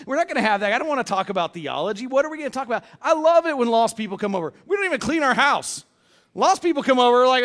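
Brief: high-pitched man in his thirties, pastor giving a blunt, joking, casual sermon. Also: big pitch swings, fast talker. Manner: casual, blunt and joking, with big swings in loudness.

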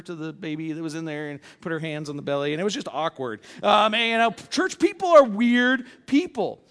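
Brief: high-pitched man in his thirties, pastor giving a blunt, joking, casual sermon. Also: expressive, quick pace, hardly any pauses. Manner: casual, blunt and joking, with big swings in loudness.

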